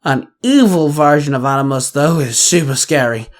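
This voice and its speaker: A man's voice: fairly high pitch, expressive, normal speed, close to an everyday voice. Jumpy, nervous young ranger, read by a man. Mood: uneasy. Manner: nervous, shuddering. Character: jumpy young male ranger, easily spooked. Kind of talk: fan fiction read aloud.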